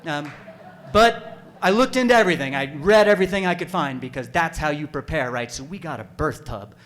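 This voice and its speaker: A man telling a personal story live on stage at a story slam, animated and self-deprecating, now and then bursting into panicked yelps. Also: fairly high pitch, a little fast, a little hiss or hum. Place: stage at an arts center.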